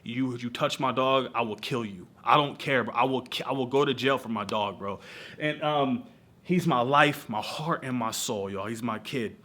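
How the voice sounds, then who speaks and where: A young man in his twenties telling his news in a casual vlog, animated and emotional, peppering his talk with slang. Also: mid-range voice, moderate pace. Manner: animated, emotional storytelling with slang like bro and y'all. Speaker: vlogger. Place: lives in Southern California.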